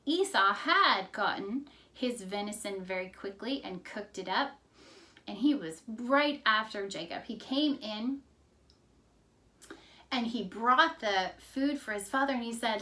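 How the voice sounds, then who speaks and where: A woman Sunday school teacher narrates a Bible story at a slow, unhurried pace. Her voice sits slightly high. She tells the story expressively for her class. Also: animated, pushed and bright, distant mic.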